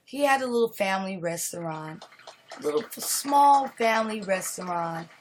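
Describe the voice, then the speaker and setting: A woman's voice: medium pitch, animated, moderate pace, slight background noise, rough recording. A woman live streaming, telling a horror story in a rambling way, with restarts and dips into whispers.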